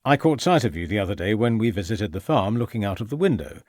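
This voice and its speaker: A man's voice: on the low side, big pitch swings, quick pace, darkish tone, dry recording. A man reading an audiobook, voicing a shrewd, stern male police inspector who questions in a dry, mocking way. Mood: probing. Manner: probing, dryly mocking.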